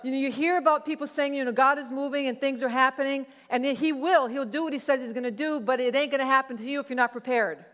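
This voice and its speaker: A middle-aged woman pastor preaching a sermon, telling a personal testimony in a conversational, animated way. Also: high voice, quick pace, few pauses. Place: church sanctuary. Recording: long church hall reverb.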